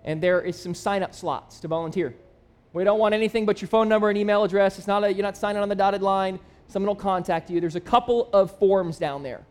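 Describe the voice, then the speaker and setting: A man's voice: high-pitched, brisk, hardly any pauses, a little mellow, smooth. A man in his thirties, a pastor, preaching a conversational sermon with personal stories and emphatic appeals. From Michigan. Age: 30s. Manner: storytelling, conversational and self-deprecating; builds to emphatic, rising appeals.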